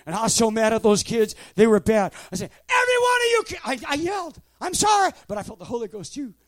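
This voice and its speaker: A man in his sixties preaches with fervor, his voice unusually high. He breaks into loud shouted bursts between stretches of storytelling. The sound is dry and close, with no room around it. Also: lively intonation, fairly quick, dry recording. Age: 60s. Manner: shouting, fervent, with sudden loud bursts and laughs. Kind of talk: sermon.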